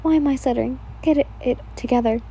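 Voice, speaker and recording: A woman's voice: high-pitched, quick pace, gravelly, warm tone, slight background noise, poor audio. A woman voicing a brash, swearing young woman in a read-aloud fan fiction story. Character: young woman Yin, the brash listener character.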